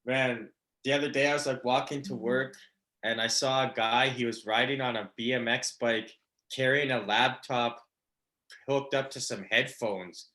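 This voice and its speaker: A man's voice: mid-range voice, fairly even intonation, normal speed, pushed and bright. A man doing a stand-up comedy set, rambling with lots of fillers and laughing at his own jokes. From Canada.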